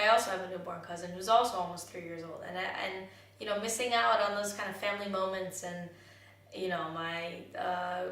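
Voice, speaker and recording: A woman's voice: lowish voice, a bit bright, slight background noise. Woman talking far off mic in echoey room. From United States and Jamaica. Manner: candid, halting, with many pauses and restarts. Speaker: vlogger. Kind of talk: personal reflective talk.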